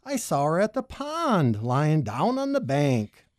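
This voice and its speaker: A woman voicing a calm, unhurried fish in a rhyming storybook. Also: sits low, dry recording, clean studio sound, full character voice.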